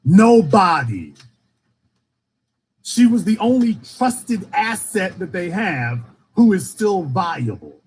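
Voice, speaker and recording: A man runs a political call-in show with a raised, husky voice. His delivery is fiery and emphatic, and the pitch leaps all over the place. He keeps stacking repeated phrases to press each point. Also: very animated, takes it slowly.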